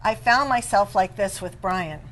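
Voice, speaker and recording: A woman author, a guest in an interview, telling animated and playful stories about marriage. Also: medium pitch, unhurried, low-quality recording. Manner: animated storyteller, playful and laughing. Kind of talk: conversational interview.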